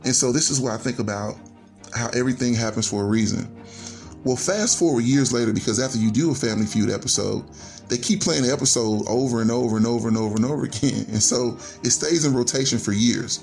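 A man's voice: medium pitch, fast talker, gravelly, a little mellow, soft background music. A man earnestly telling a personal family story on a radio show, linking his sentences with "and so" as he goes. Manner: earnest, heartfelt, strings clauses with "and so". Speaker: storyteller guest.

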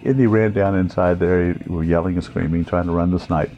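A middle-aged man telling a personal story, animated and amused, acting out the voices of the people in it. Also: low voice, fairly quick, dull audio, faint music behind.

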